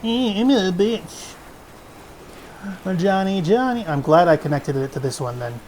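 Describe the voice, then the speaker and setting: A streamer chatting through a game in a loose, rambling way, swearing freely and joking at their own expense. The voice sits at a middle pitch, with a faint hiss of noise behind it. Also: lively intonation, a little slow, a little mellow. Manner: rambling, profane and self-mocking. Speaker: let's play streamer. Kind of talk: casual gameplay commentary.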